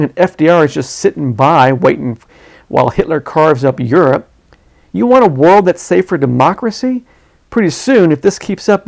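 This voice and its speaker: Man voicing a reporter, excitable, idealistic, raised voice, urgent, insistent, gravelly. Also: a little high. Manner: urgent, insistent, rising to outbursts. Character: excitable male newspaper reporter, pushy, idealistic.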